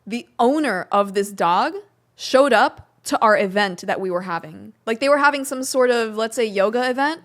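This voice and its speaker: A woman's voice: a little high, lively intonation, normal speed. A young woman, a podcast guest, telling a story in a casual interview, acting out quotes and using many "like" fillers.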